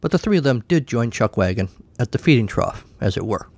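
A man's voice: medium pitch, big pitch swings, brisk, creaky, darkish tone, no echo. A man narrating a comic short story in a wry, dry way.

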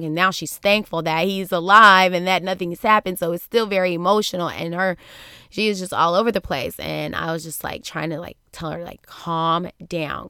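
A woman's voice: fairly low pitch, pushed and bright, clear, resonant tone, dry recording, clean studio sound. A woman podcast host telling a personal story in a casual monologue, acting out the voices she quotes and laughing often. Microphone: studio microphone.

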